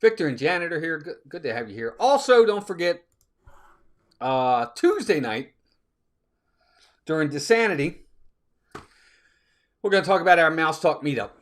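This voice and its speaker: A man's voice: fairly high pitch, very animated, normal speed, long pauses. A man hosting a casual live stream, chatting with viewers and reading out their comments. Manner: chatty, reads out viewer comments, sneezing fits.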